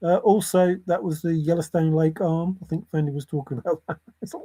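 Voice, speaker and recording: A man's voice: on the high side, fairly even intonation, moderate pace, dark tone, breathy edge. A man vlogging about a treasure hunt, rambling and giggling as he comments, repeating words and muttering to himself. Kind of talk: rambling commentary over video.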